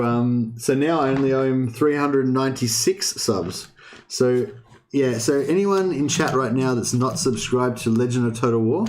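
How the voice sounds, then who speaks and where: Speaking with a medium-pitched, darkish tone, a young streamer rambles through casual chat with viewers, frequently swearing and starting his sentences over.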